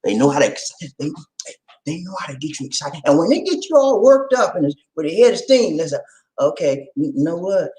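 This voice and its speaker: A man's voice: a little high, sing-song, quick pace, darkish tone, roomy sound, poor audio. A man giving casual, joking vlog commentary straight to his viewers. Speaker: vlogger.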